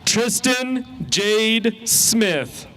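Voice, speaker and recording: Man, announcer, reading graduates' names, measured delivery, outdoor ceremony. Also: high-pitched, animated, bright, forceful tone, a little hiss or hum. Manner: measured, pronounces each name carefully. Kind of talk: slow, deliberate name reading.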